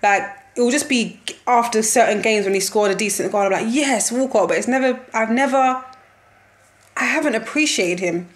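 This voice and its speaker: A woman's voice: a little high, brisk. A young woman giving a casual football match reaction, slangy and exasperated, laughing often as she talks.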